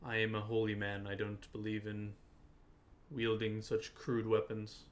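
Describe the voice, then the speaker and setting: A man playing a solemn, quiet holy man. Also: fairly low pitch, completely flat delivery, measured pace, slight background noise, close to an everyday voice. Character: solemn male holy man refusing weapons.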